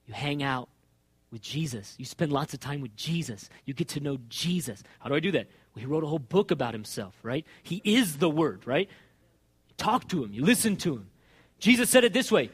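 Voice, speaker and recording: Male pastor, conversational sermon, husky voice, very lively pitch, frequent "right?". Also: brisk. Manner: animated and conversational, keeps asking "right?"; acts out dialogues with listeners.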